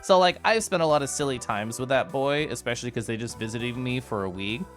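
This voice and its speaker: A man's voice: medium pitch, brisk, a bit bright, faint music behind. Giggly bubbly male streamer. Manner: giggly, bubbly, chatty with many asides. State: tipsy from whiskey earlier. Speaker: streamer recapping VR chat meetups. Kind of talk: casual livestream chat to viewers.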